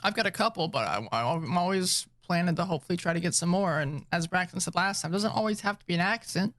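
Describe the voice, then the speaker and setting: A man's voice: sits high, expressive, fairly bright tone, no room sound, studio quality. A young man co-hosting a podcast, chatting and teasing his partner in an easygoing way. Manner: easygoing, teasing, quick to laugh. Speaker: podcast co-host. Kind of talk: casual chat about tabletop roleplaying.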